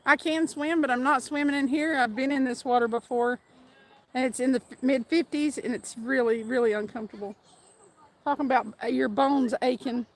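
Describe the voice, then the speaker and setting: A woman hosts a fishing livestream outdoors beside a fast trout stream, chatting casually, laughing often and reading out viewer names. Her voice is high, brisk and fairly even in intonation.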